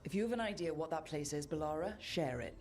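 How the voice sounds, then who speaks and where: A guarded female warrior gives terse, commanding lines in a lowish voice. Faint game music sits underneath. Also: animated, fast talker, darkish tone. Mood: wary. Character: wary female companion warrior, blunt and guarded. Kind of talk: game dialogue.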